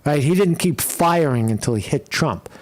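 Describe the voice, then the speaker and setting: A man's voice: a little high, lively intonation, moderate pace. A man commenting on a live stream, rambling and cursing, stopping often to ask "right?" and reading out viewer questions. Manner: rambling, profane, keeps asking "right?".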